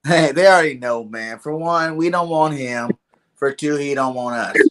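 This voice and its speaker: A man's voice: a little high, normal speed, a bit bright. A man co-hosting a casual sports podcast, firm and matter-of-fact. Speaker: podcast co-host.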